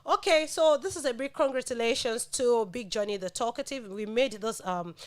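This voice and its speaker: A woman's voice: a little high, moderate pace. A young woman from Ekiti State with a Nigerian accent, co-hosting a gospel radio show in a playful, laughing way and mixing in Yoruba and pidgin. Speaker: radio co-host. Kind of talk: lively gospel radio banter.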